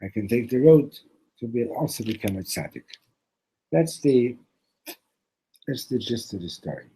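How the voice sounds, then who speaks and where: Very animated yet moderate in pace, this Torah teacher's mid-range voice sounds mellow and husky over a rough recording. He teaches a religious lesson by way of a parable, keeping it loose and conversational, with restarts and Hebrew terms.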